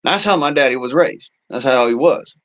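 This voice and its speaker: A man's voice: medium pitch, lively intonation, moderate pace, a bit bright, dull audio. A man hosting a casual political monologue, talking in a rambling, profane way with folksy turns of phrase. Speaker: show host.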